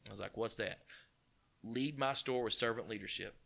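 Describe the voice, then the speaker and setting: Man, East Tennessee accent, bright forceful voice, folksy animated storyteller. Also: fairly low pitch, moderate pace, vocal fry. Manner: folksy, animated retelling with quoted dialogue. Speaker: car dealership partner. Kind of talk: casual storytelling interview.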